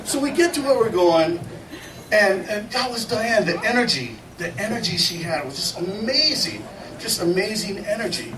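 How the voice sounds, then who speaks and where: A middle-aged man's high voice moves at a moderate pace as he shares folksy, laugh-filled stories at a memorial, voicing what others said with liveliness. It's an informal eulogy given in a memorial gathering hall. The audio comes through noisy and echoey, picked up far from the microphone.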